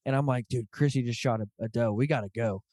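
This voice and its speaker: A man's voice: medium pitch, fast, a little mellow, dry recording, clean studio sound. A man hosting a hunting podcast, telling stories in an earnest, casual way and acting out the dialogue in them. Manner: earnest storyteller who acts out quoted dialogue. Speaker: podcast host.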